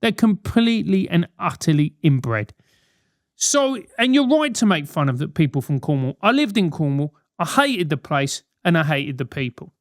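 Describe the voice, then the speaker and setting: Reading out listener letters, this thirtysomething London podcaster fires back with blunt, sweary, mock-outraged banter as comedic advice. His slightly high voice is very animated at a normal speed. It's a dry, clean studio recording.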